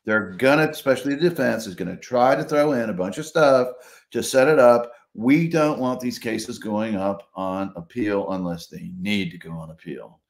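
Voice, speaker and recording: A lively, low-voiced man speaks as a trial attorney, telling courtroom stories in a relaxed interview. He acts out the voices of judges and lawyers and breaks into laughter often. The room around him is noticeably echoey. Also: normal speed, gravelly. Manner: animated storyteller, acts out quotes, laughs often. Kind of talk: conversational interview. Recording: roomy echo.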